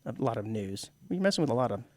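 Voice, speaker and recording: A man's voice: mid-range voice, very animated, fast, no room sound, studio quality. A man co-hosting a radio show, explaining at length in casual chat with many restarts. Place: radio studio.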